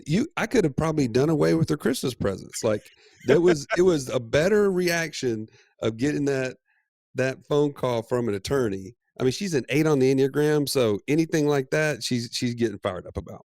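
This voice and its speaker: A podcast co-host with a mid-range voice tells a story at normal speed in a playful, animated way, laughing often during the casual chat. The recording is dry, with clean studio sound.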